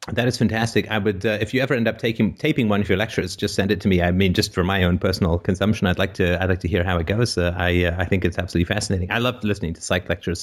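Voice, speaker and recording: A man hosting a call-in show, talking casually with wry, self-mocking asides and many fillers. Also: deep voice. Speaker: host.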